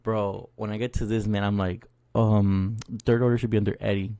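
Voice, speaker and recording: A man's voice: lowish voice, flat delivery, normal speed, mellow, no room sound. A man co-hosting a podcast, casually telling a funny story with crude slang and laughter. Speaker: podcast co-host. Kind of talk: casual storytelling among friends.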